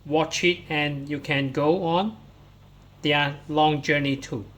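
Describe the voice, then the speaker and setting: Slow, patient male English teacher. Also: on the high side, steady tone, fairly bright tone. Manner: slow, explains step by step, starts lines with "so". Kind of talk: workbook answer walkthrough.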